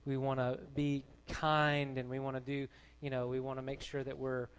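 A man's voice: medium pitch, level tone, normal speed, clean tone. A man, a pastor, delivering a sermon to his church in an earnest, conversational way. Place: church gathering.

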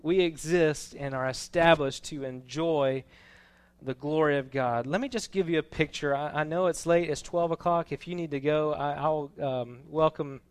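A man preaching a sermon, moving between quiet, casual asides and loud, proclaiming readings of scripture. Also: fairly high pitch, normal speed, clean tone. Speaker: pastor. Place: church.

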